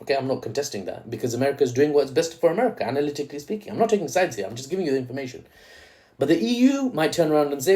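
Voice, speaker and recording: Male commentator, solo analysis, casual tone, playful asides, mellow. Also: medium pitch, lively intonation, racing. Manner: casual and analytical, asks "right?" after points, playful asides. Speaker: host and geopolitics commentator.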